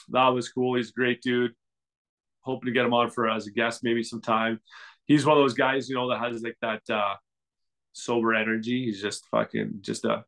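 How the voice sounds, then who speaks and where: A man's voice: lowish voice, fairly bright tone. A man co-hosting a podcast in casual chat, rambling along with frequent restarts and filler words. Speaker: podcast co-host.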